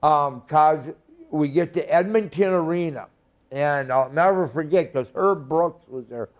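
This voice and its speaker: A man's voice: a little high, measured pace. An older man from Minnesota telling a heated, profane story in an interview as a former wrestler. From Minnesota, USA.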